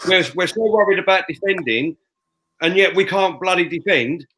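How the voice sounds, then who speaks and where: A fuming man who talks loud and hammers his points home as he co-hosts a fan show. His voice sits a little high for a man. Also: normal speed, rough recording. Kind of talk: heated fan podcast rant. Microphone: headphones and studio mic.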